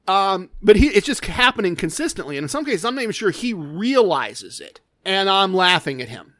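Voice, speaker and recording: A male podcast host tells a story in a casual, animated manner and often pokes fun at himself. His voice sits high. The sound is close and dry with no room echo. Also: moderate pace. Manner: animated, self-deprecating, with restarts.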